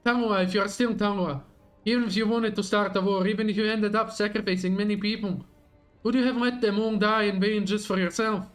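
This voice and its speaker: A man voicing a young female leader in a game, with earnest, measured reading and pleading questions. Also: high-pitched, fairly even intonation, soft background music, close to an everyday voice. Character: young woman leader, gentle but resolute. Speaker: streamer reading game dialogue aloud.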